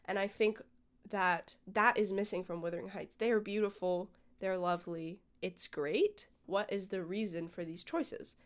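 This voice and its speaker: A woman's voice: medium pitch, moderate pace. A woman vlogger talking casually and with strong opinions, with lots of "like" and "um". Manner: opinionated, chatty, frequent "like" and "um". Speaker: vlogger reviewing a film. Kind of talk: casual chat.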